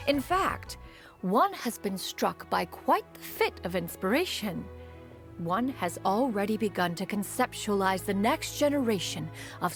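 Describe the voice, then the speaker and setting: A woman's voice: medium pitch, close to an everyday voice. A woman voicing Cloud Retainer, a proud ancient female crane spirit who speaks in a formal, archaic way about herself as "one". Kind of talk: game voice acting.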